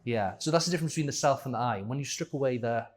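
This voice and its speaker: A man's voice: mid-range voice, very fast. A man speaking as a podcast guest in a casual conversation, rambling and thinking aloud, often restarting and correcting himself.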